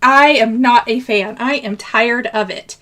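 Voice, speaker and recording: A woman's voice: fairly high pitch, measured pace, a bit bright. A woman from the American Midwest chatting on a live craft stream, greeting viewers by name and laughing often. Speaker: craft channel host.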